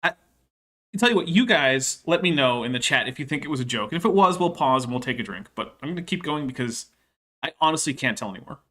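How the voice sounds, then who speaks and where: Bright, sardonic male commentator. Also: mid-range voice, lively intonation. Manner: dry, mocking asides with deliberate pauses. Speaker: reaction video host. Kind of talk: sarcastic reaction commentary.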